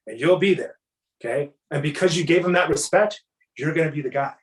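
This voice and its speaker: A man giving casual, energetic sales coaching, often acting out exchanges with customers. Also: high voice. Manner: energetic, acts out customer dialogues. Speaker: sales trainer. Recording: echoey room.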